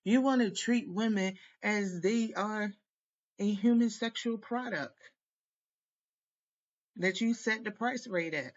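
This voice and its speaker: A woman's voice: medium pitch, slow pace, pauses often, highs cut off. Heated, profane woman venting. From United States. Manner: heated, profane, rambling rant. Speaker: tarot reader. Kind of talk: venting monologue to camera.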